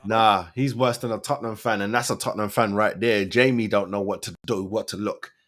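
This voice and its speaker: A man, his voice fairly low, reacts live to a radio clip with mocking disbelief. He talks over it, scoffing and repeating himself to drive the point home. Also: steady tone, fairly quick, a bit bright.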